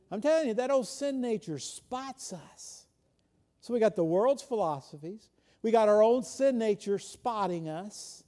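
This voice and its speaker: Male preacher, high but mellow voice, chatty sermon delivery. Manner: conversational, frequent rhetorical questions, swings from loud to hushed. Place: church.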